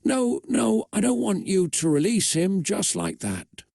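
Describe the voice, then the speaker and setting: A frantic teenage girl pleads and swears in a raw voice, read by a man. The pitch sits a little high and the delivery stays slow. The sound is dry and close. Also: lively intonation, darkish tone, no echo. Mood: desperate. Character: desperate furious teenage girl.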